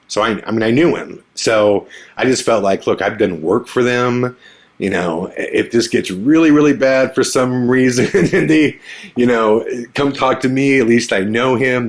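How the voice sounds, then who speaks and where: A male podcast host telling a story in a casual, animated way, often laughing and acting out what people said. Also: fairly low pitch. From Omaha area, USA. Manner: animated, laughs often, acts out quoted lines.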